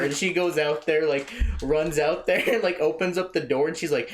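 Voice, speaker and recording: A man's voice: a little high, fairly quick, few pauses. A man hosting a podcast, telling a rambling, profane story in casual chat. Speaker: podcast host.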